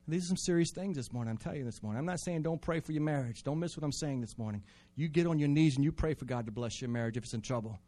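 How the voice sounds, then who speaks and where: A man preaching a sermon, climbing to loud, fervent peaks and then dropping back to quiet, conversational talk. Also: mid-range voice, quick pace.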